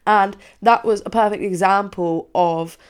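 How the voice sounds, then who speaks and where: A young woman chats casually and at length in a confessional way, rambling and saying "like" constantly. She acts out her own past words in a higher voice, while her normal delivery is smooth, unhurried and fairly even in intonation.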